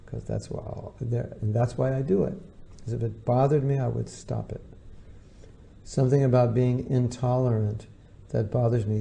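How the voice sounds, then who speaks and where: A man's voice: medium pitch, creaky, mellow, a little hiss or hum. A man giving an informal lecture to devotees as their spiritual teacher, talking conversationally and acting out the voices of people he quotes.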